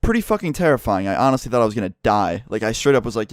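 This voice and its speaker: A young man telling a story vlog to his subscribers, animated and profane, swearing freely as he goes. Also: lowish voice, rapid-fire, few pauses, no room sound, studio quality. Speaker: YouTuber.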